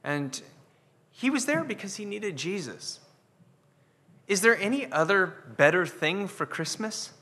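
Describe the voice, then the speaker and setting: A man's voice: high-pitched, big pitch swings, a little slow, long pauses, bright, forceful tone, long reverb tail. A man preaching an earnest sermon as pastor, often repeating words as he builds a point. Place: church sanctuary.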